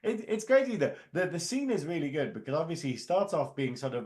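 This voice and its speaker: A man's voice: a little high, expressive, fast, few pauses, a little mellow. A man co-hosting a casual comedic review podcast, joking and laughing over a video call. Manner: playful, laughing, slips into mock voices. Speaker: podcast co-host.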